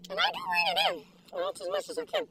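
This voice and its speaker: An older woman gushes and giggles through a casual food review, her voice gravelly and swinging widely in pitch. She sits in her car, a little away from the mic, with faint vehicle noise behind her. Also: animated, very fast, bright, forceful tone, distant mic, poor audio. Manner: gushing, giggly, exclamatory. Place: inside a parked car.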